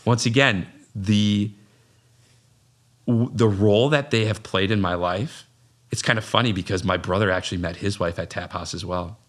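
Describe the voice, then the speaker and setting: Lively storytelling man, fairly low voice. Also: moderate pace. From Minnesota, USA. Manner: animated storyteller who acts out his own past lines. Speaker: podcast guest, business owner. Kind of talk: casual storytelling chat.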